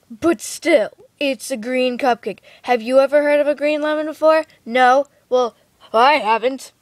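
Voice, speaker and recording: A woman's voice: high-pitched, a little slow. Hyper giggly young woman vlogging. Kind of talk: rambling self-promo vlog. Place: indoors, lying down.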